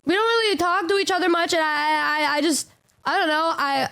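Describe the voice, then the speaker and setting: A woman streamer with a notably high voice talks casually on stream. She hesitates and stammers, often downplaying herself. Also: fairly even intonation, brisk, vocal fry, bright, forceful tone. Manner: hesitant, stammering, self-deprecating. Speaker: VTuber streamer.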